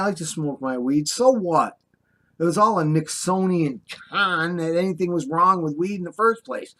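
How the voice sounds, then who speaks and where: A man's voice: a little high, a bit bright. Older man ranting with scornful passion. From United States. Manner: impassioned, scolding, sarcastic rant with drawled asides. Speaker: vlogger. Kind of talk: ranting monologue.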